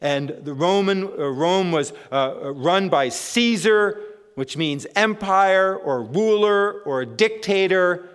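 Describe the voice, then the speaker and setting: A man's voice: sits high, expressive, slow, smooth. A male pastor preaching a sermon to his congregation, emphatic, repeating phrases and often restarting his sentences. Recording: long hall reverb.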